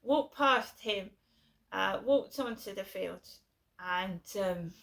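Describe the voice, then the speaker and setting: A woman's voice: mid-range voice, takes it slowly, creaky, a bit bright. A middle-aged woman from England telling a long personal story in a rambling way, repeating herself with many fillers and restarts. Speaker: vlogger.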